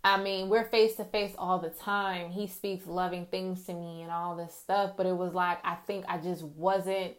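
A woman's voice: on the low side, level tone, normal speed, few pauses. A woman talking openly and earnestly to her viewers about prayer and her faith, in a confiding, casual way. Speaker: Christian vlogger sharing testimony. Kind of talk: heartfelt casual faith talk.

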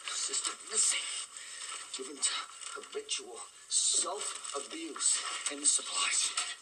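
An actor playing a stern, scornful old lighthouse keeper who speaks gruffly in old-fashioned terms, listing charges like an official report. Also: male voice, fairly high pitch, animated, slow pace, recorded from a distance, very noisy. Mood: stern reproach. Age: older. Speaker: film character. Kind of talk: film dialogue.

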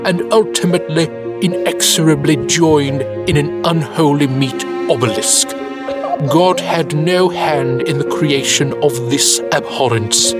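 A man playing a grandiloquent deli clerk who speaks with slow, solemn eloquence. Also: a little high, close to an everyday voice. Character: grandiloquent deli clerk lecturing about ham. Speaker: deli clerk in a meme clip. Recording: clip with loud music behind. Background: loud music.

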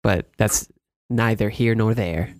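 A man co-hosting a film podcast who chats in a relaxed, encouraging way. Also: lowish voice, slow, dry recording. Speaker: podcast co-host. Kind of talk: casual chat.

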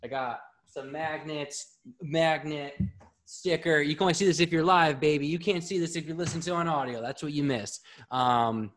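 A man hosting a live podcast, talking in a casual, excitable, rambling way and swearing freely. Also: fairly high pitch, normal speed, slight background noise. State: a bit out of breath. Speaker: podcast host.

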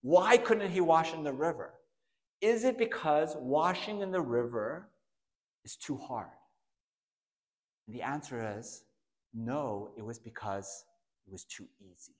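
A man preaching a sermon as pastor, swinging between hushed asides and loud, emphatic outbursts. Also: on the high side, animated, a little slow, pauses often, big-room sound.

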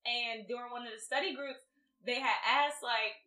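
A woman's voice: on the high side, steady tone, normal speed, over a noisy crowd. A young adult woman hosting a casual podcast, chatty and casually profane, telling stories with easy laughs. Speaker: podcast host. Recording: roomy echo.

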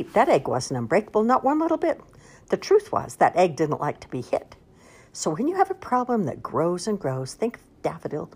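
An older woman reading picture books aloud to a child in an expressive, sing-song way. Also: slightly rough. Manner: sing-song, expressive read-aloud with lively pitch swings. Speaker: storyteller.

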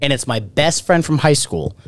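Male podcast host, animated storyteller, expressive voice, dry close sound. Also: medium pitch, moderate pace, dry recording. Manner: animated, swears freely, acts out quotes. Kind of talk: casual storytelling chat.

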